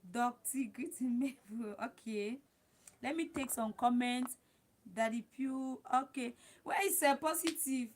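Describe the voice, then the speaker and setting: A woman's voice: on the high side, a little slow. A woman hosting a casual livestream, giving advice and repeating her points while talking straight to her viewers. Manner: repetitive, talks straight to viewers as "guys". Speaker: livestream host.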